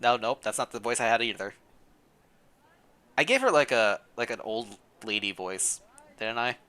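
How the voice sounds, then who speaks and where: A man's voice: mid-range voice, animated, moderate pace, bright, forceful tone, smooth. A man streamer reading a story game aloud with playful commentary, laughing often between the lines.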